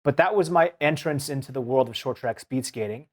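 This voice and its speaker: A man's voice: mid-range voice, brisk. A man in his thirties from Seattle, telling stories from his life as a guest in an interview, acting out the quotes. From Seattle, United States. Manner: animated storytelling, acts out quotes. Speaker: guest, former Olympic speed skater. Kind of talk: storytelling in a podcast interview.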